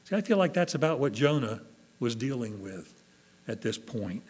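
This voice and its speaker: A man's voice: mid-range voice, big pitch swings, normal speed, a little mellow, breathy edge. A man preaching a sermon, earnestly acting out quoted prayers with rising emotion. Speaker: pastor.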